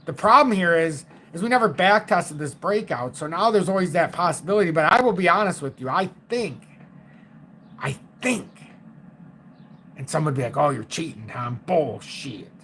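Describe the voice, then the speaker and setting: Excitable man in his forties. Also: high voice, fairly quick, hardly any pauses, slight background noise. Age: 40s. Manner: excitable and emphatic, thinks aloud with fillers and mild swearing. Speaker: crypto live-stream host. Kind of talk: casual live-stream chart commentary.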